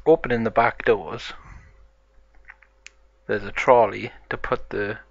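A man's voice: lowish voice, fairly even intonation, slow, creaky, no echo, muffled recording. A man casually narrating a toy-play story in rambling run-on sentences.

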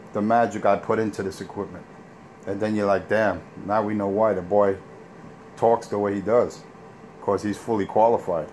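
Deep-ish guy bragging and trash talking on his morning radio rant, bit of hiss behind. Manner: boastful, trash-talking, drawn-out phrasing. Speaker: CB radio operator ranting on air.

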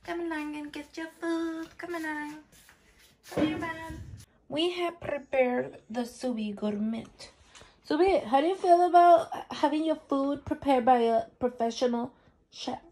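A woman's voice: high voice, a little slow, mellow. A woman vlogging casually at home, talking to her pets in cooing baby talk.

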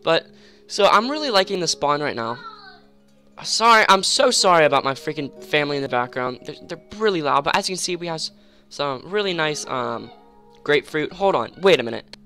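An excitable young man narrates his gameplay at home, rambling between fillers and sudden startled outbursts. His voice sits a touch high and sounds bright and forceful. Faint music plays in the background. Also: fairly quick. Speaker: gamer. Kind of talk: casual game commentary. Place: home room.

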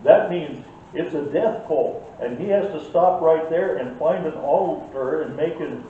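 A man's voice: a little high, unhurried, phone-quality sound, slight background noise. An older man teaching a church Sunday school class in an earnest way that gets worked up, heard from far off in an echoey room.

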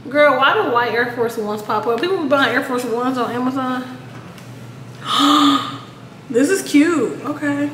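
Speaking high and a little slowly with some brightness, a woman chats casually to her viewers in an apartment vlog. She swears when something bugs her, and the recording is echoey with background noise.

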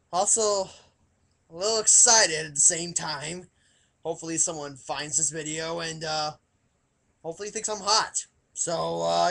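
A man playing a nervous, emotional superhero in a comedic monologue, halting and stammering with a gravelly, crying voice. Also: high-pitched, pushed and bright, heavily acted. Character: nervous, weepy adult male superhero on a dating video.

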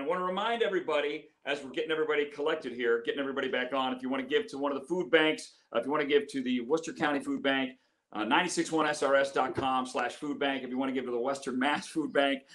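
A male radio morning show host chatting with guests on a video call, joking and laughing quickly. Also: medium pitch, a bit bright. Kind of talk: casual chat on a video call.

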